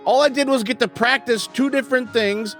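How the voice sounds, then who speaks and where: A man's voice: extremely high pitch, brisk, a bit bright, faint music behind. A man reviewing a video game as he plays, exasperated and sarcastic, swearing often. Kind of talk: let's-play commentary.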